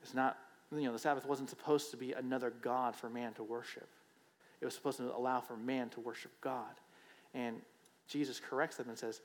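A man's voice: mid-range voice, level tone, brisk. A man preacher giving a sermon in a conversational, emphatic way, often checking in with "right?". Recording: long hall reverb.

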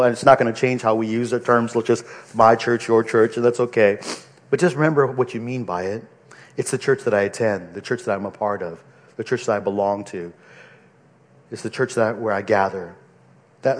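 Guy pastor preaching, earnest and chatty, mid-pitched voice, keeps restarting. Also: big-room sound. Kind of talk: sermon. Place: church pulpit.

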